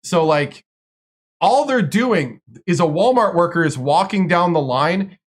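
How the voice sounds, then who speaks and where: A man's voice: high voice, expressive, measured pace. A man from Wisconsin, a streamer, telling long stories in casual chat with lots of fillers and restarts. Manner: rambling, filler-heavy storytelling.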